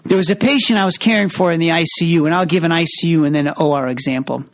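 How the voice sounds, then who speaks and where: A man who works as a surgeon, explaining a communication method in a measured, earnest way. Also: fairly high pitch. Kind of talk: teaching conversation.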